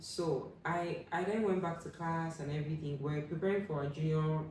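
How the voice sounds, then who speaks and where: A young adult woman telling a personal story as an interview guest, acting out what people said with sudden loud high bursts. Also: moderate pace, recorded from a distance, a crowd in the background. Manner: animated, acts out quoted voices with sudden loud high bursts. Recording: echoey room, voice from off the mic, faint room hum.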